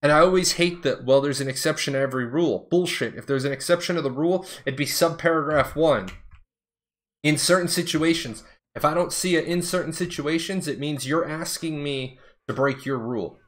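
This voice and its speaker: A man's voice: fairly high pitch, moderate pace, fairly bright tone. A middle-aged man, a former Air Force officer, telling stories in a blunt, profane, rambling way. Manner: blunt, profane, digresses mid-story. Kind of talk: casual storytelling chat.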